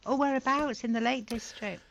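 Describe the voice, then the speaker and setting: A woman's voice: high voice, steady tone, fairly quick, highs cut off. A woman hosting a podcast, chatting casually in a playful, teasing way and calling her guest "love". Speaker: podcast host.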